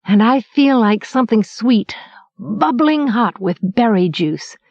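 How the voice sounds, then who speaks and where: A woman voicing a cheeky, hungry young apprentice boy who talks in a high, wheedling, eager way. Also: animated, measured pace, creaky, a little mellow, no room sound, highs cut off, full character voice.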